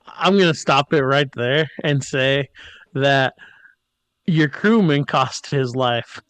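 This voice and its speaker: Slow, smooth male podcast host, joking recap with character mimicry, dry close sound. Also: medium pitch, fairly bright tone, no echo. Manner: jokey, mimics characters in quotes. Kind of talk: casual episode recap.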